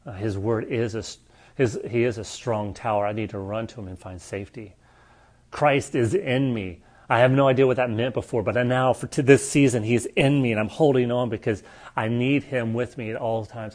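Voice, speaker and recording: A man's voice: mid-range voice, moderate pace. Earnest man preaching a conversational sermon. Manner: earnest, shifts between lively storytelling and quiet reflection.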